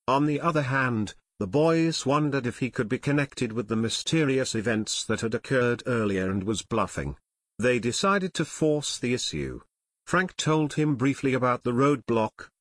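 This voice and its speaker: Narrating a full-length adventure audiobook, this man tells the story expressively and builds suspense, his pitch moving lively and wide. The voice sits mid-range, and the recording is close and dry, with no room sound.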